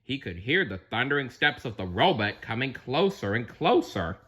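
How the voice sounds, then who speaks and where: A man's voice: medium pitch, big pitch swings, normal speed, a bit bright, breathy edge. A man reading a storybook aloud, dropping in chatty asides to the listener. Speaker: narrator.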